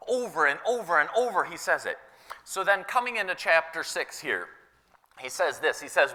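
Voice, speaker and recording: A man preaching a sermon as pastor, conversational and animated, paraphrasing scripture and repeating key words for emphasis. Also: high-pitched, normal speed, in a large hall. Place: church sanctuary.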